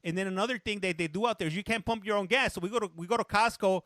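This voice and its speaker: A man's voice: high voice, racing, a bit bright, no echo, clean studio sound. A man hosting a casual live stream, telling a story in a chatty, rambling way while stopping to greet and answer viewers in chat, now and then slipping into a little Spanish. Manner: chatty storyteller, stops often to read comments; slips briefly into Spanish. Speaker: livestream host reading viewer chat.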